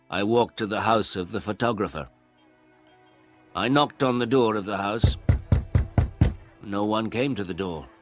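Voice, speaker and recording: A man narrating a storybook for English learners in a slow, clear, deliberate way. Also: on the low side, a bit bright.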